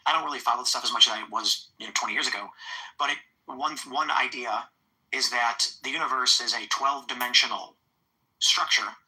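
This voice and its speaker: Bright-toned man musing as a guest. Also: medium pitch, a little fast, low-quality recording. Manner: explains ideas with repeated words. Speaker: podcast guest. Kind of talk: casual chat.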